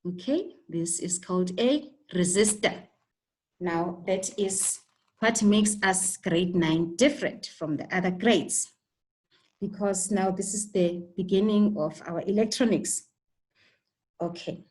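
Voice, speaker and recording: A woman with a South African English accent teaches a school technology lesson live online, stammering on repeated words and frequently checking in with "okay?" Her voice is mid-range and a little mellow, and the recording is rough.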